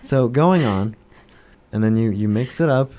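A man's voice: mid-range voice, lively intonation, a little slow, dark tone. A young man chatting casually, rambling and joking, often playfully defensive. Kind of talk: casual chat.

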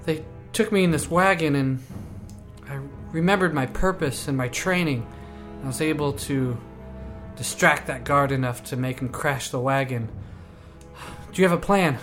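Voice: medium pitch, moderate pace, a bit bright, soft background music, close to an everyday voice. A game master playing an armless old male prisoner who is urgent and full of plans. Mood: grateful.

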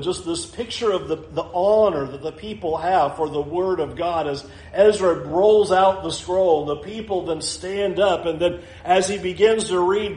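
Male pastor, high voice, explanatory with a dry wit, preaching in a roomy, echoey church. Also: darkish tone. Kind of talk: expository sermon. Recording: roomy echo.

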